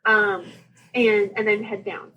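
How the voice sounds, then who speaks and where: A woman, a podcast guest telling her story in a lively, laughing way and acting out the dialogue. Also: mid-range voice, takes it slowly, lo-fi sound, slight background noise. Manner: animated, laughing, acts out dialogue. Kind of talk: casual storytelling.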